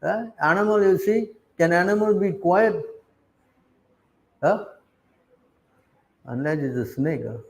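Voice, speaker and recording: A man with a fairly high voice teaches a scripture class, reading verses aloud and then unpacking them in short, emphatic bursts. He keeps throwing rhetorical questions like "huh?" and "what?" at the room to hammer each point home. He speaks slowly with long pauses, and the recording quality is low.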